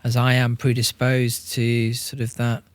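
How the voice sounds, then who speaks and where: A man, a podcast guest speaking in a measured, reflective way. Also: medium pitch, completely flat delivery, clean tone, no echo. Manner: measured and reflective, with some restarts. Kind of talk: reflective interview talk.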